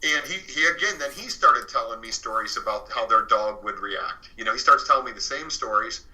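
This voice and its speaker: A man speaks as a guest on a radio show. His voice is strikingly bright and sharp at a middle pitch. He tells a true story in a loose, rambling way, filling the gaps with "you know" and starting sentences over. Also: expressive, brisk, low-quality recording. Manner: rambling, fills with "you know" and restarts, retells others' words. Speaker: guest author recounting a haunted house. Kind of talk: casual spoken storytelling. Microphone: phoned or studio radio interview.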